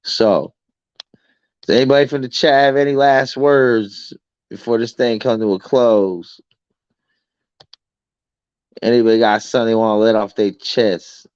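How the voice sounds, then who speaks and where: A man's voice: mid-range voice, steady tone, measured pace, pauses often, darkish tone, clear, resonant tone, no room sound, lo-fi sound. A man hosting a late-night livestream chat, blunt and profane, acting out both sides of his arguments. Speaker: livestream host.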